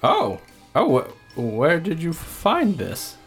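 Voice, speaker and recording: A man voicing a nervous, evasive middle-aged male cafe owner in a tabletop game, hoarse and stammering. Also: fairly high pitch, huge pitch swings, slow pace, fairly bright tone, faint music behind, voice pushed up, exaggerated voice. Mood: flustered. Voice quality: strained, hoarse put-on voice. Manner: hesitant, stammering.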